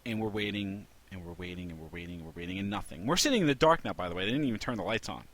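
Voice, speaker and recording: A man hosting a casual podcast, telling an animated story with lots of restarts. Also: on the low side, rapid-fire. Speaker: podcast host.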